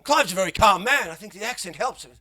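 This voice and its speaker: A man's voice: sits high, animated, fast, sharp tone. A middle-aged Australian man with an Australian accent, performing a rambling, swear-heavy stand-up comedy set.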